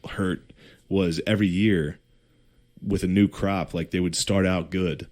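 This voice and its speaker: Man, low voice, casual history podcast host, slangy and profane, jokey. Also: steady tone, unhurried, a little mellow. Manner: profane, slangy storytelling with put-on quotes and laughter. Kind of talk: casual comedic history chat.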